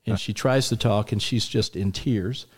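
A man in his sixties telling anecdotes as a guest on a radio talk show, relaxed and full of restarts. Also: on the low side, normal speed, breathy edge. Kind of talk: storytelling in a radio interview.

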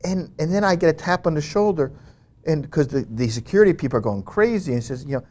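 Animated man telling a story. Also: on the high side, fairly quick, a little hiss or hum. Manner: animated, frequent "you know" fillers and restarts. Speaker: interview guest. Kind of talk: conversational storytelling.

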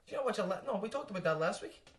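A man co-hosting a podcast, bantering quickly about films, swearing and laughing often. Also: sits high, lively intonation. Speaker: podcast co-host. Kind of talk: casual film chat.

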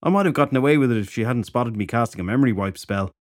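A man's voice: medium pitch, very fast, no room sound, studio quality, natural voice. A man voicing a sardonic fairy detective who talks bluntly and sarcastically. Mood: rueful.

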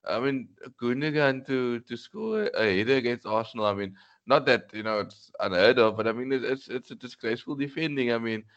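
A man's voice: mid-range voice, brisk, fairly bright tone. A man in casual football chat, an emphatic, exasperated fan venting about his team. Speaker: football podcast co-host. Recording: dull lo-fi audio.

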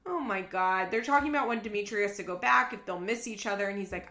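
A woman hosts a casual recap podcast, chatty and sarcastic, swearing often as she talks fast. Her middle-pitched voice is pushed and bright, with a roomy echo from the space around her.

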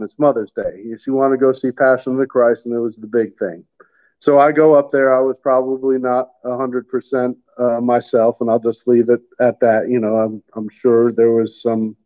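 Man telling a halting story down a phone line. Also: medium pitch. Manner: halting, repeats words, emotional. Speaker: guest telling his faith story. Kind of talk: casual storytelling.

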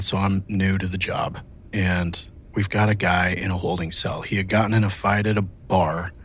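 Husky-voiced police commander telling stories. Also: male voice, lowish voice. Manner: blunt, swears freely, animated when telling stories. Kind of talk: casual storytelling chat.

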